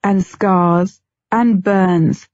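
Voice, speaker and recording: A woman voicing an impatient, scarred grown man who mutters low and gruff, in an audiobook. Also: steady tone, drawn-out words, a little mellow, no room sound. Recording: dull lo-fi, dry.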